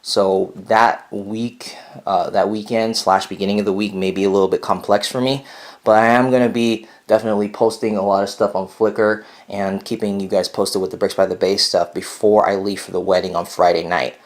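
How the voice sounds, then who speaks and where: A man's voice: lowish voice, little pitch movement, normal speed. Rambling young man chewing gum. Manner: rambling, frequent fillers and self-corrections. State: chewing gum while talking. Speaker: vlog host. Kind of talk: casual chat to viewers.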